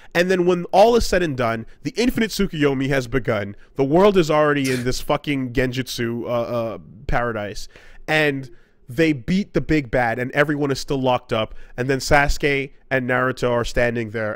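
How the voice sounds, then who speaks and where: A man co-hosting a casual podcast, ranting with profanity and jumping into quick high-pitched impressions of characters. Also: no room sound. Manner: animated, profane, acts out character quotes in sudden high voices. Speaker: podcast co-host.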